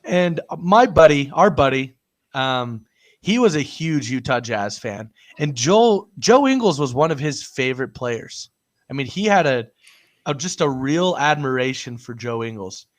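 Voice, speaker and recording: A man's voice: mid-range voice, expressive, a little slow. A man co-hosting a casual sports chat, telling a story with frequent laughs. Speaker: podcast co-host.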